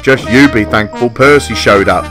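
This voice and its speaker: A man's voice: mid-range voice, normal speed, lightly acted. A man voicing Pug, a small, upbeat male tank engine with a soothing, reassuring manner. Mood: brisk. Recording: festive music with jingle bells behind.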